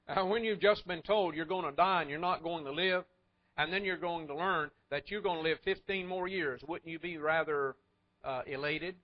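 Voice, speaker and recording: Man preacher, a bit higher voice, folksy storyteller with wry asides, muffled sound. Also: moderate pace. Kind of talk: sermon. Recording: muffled lo-fi recording.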